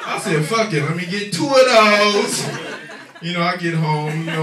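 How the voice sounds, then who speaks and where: A man doing a profane, animated stand-up comedy set on a club stage, with shouted punchlines. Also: sits high, moderate pace. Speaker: stand-up comic. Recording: echoey club audio recorded from a distance. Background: loud crowd laughter.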